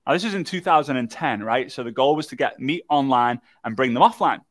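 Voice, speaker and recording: A man presenting a live online workshop, telling a story in a lively, jokey way and talking to the chat. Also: medium pitch, fairly quick, dry recording. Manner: animated, jokey storyteller who talks to the chat.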